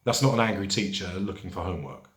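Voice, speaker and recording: The echoey room carries a man's lowish, expressive voice as he hosts a pub quiz, slowly reading and then repeating each question. Between them he drifts into chatty asides.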